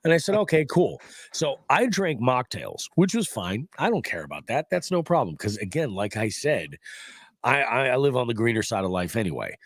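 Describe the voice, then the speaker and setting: A man's voice: medium pitch, very animated, brisk, no room sound, studio quality. A congested middle-aged man hosting a podcast, chatting casually in a rambling, profane, joking way. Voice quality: stuffy, nasal. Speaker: podcast host. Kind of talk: casual chat. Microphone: studio mic.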